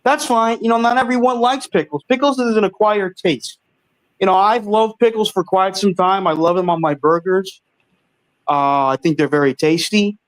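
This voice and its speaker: A man's voice: high-pitched, moderate pace, no echo, rough recording. A man co-hosting a casual sports show, rambling and defensive in banter. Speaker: co-host.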